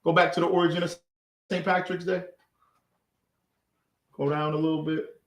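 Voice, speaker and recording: A man leading an informal scripture class, talking in a mocking, animated, slangy way. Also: a little high, normal speed. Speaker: class leader. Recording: echoey room.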